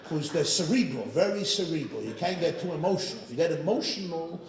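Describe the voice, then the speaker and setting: Animated, joking rabbi in an echoey hall. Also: male voice, a little high, fairly quick, background noise. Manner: animated, joking, lots of asides to the audience. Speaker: rabbi, guest speaker. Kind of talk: humorous storytelling talk. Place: synagogue hall.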